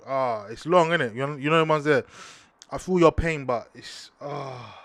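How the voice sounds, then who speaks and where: A young man, hosting a casual football talk show, slangy and animated, breaking into outraged high-pitched rants. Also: moderate pace, no echo. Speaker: football podcast host. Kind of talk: casual sports talk monologue.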